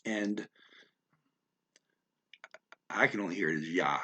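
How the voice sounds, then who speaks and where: Slow, halting man with a low voice. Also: bright, forceful tone. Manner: slow, halting, thinks aloud with many fillers and restarts; repeats words slowly to practice pronunciation. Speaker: language learner explaining vocabulary. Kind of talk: unscripted spoken lesson.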